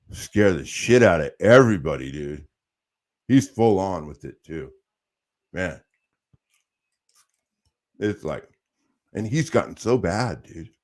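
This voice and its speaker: A man with a low, slightly mellow voice chats casually as a podcast host. He's laid-back and profane, often dropping "dude" and "bro."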